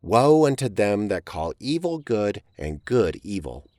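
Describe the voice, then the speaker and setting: A man's voice: on the low side, sing-song, unhurried, a little mellow, dry recording, clean studio sound. A man voicing a stubborn, defiant seventeen-year-old farm boy in a storybook reading. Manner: defiant, earnest arguing.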